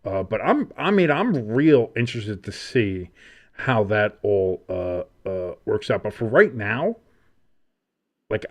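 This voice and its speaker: A man co-hosting a casual sports podcast, rambling and swearing freely with lots of fillers. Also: mid-range voice. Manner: profane, rambling, heavy fillers. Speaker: podcast co-host.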